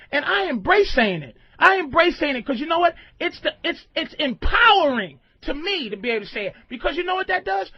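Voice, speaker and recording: Loud, animated man ranting on radio. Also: no room sound, highs cut off. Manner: loud, emphatic, swings between booming and mumbling. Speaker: radio show host. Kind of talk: loose comedic radio rant.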